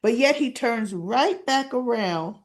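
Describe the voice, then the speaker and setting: A woman's voice: fairly high pitch, animated, slow pace. A woman giving a casual, chatty recap of a soap opera episode and talking straight to her viewers. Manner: chatty, conversational, asks the audience along.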